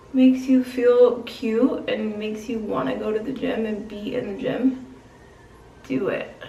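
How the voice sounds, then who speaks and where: A woman's voice: a little high, vocal fry, dark tone, slight background noise. A young woman chats in casual vlog style, slangy and self-reflective. She sits a little way from the mic, and the room around her rings with echo. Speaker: vlogger. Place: gym. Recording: echoey room, mic at a distance.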